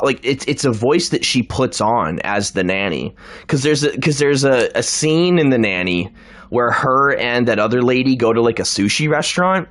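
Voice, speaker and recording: A man from Canada talks loosely to his viewers while playing a video game, rambling from one thing to the next. He laughs easily and keeps slipping into impressions. His pitch swings widely and expressively, while the voice itself sits at an ordinary middle height. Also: fairly bright tone. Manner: chatty, rambling, laughs often, does impressions. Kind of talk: casual chat while gaming.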